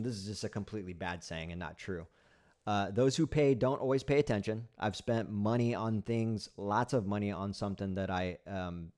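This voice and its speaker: A man with a fairly low, darkish voice hosts a casual live stream, bluntly critiquing sayings and responding to chat comments. He repeats himself a lot, with many fillers and restarts.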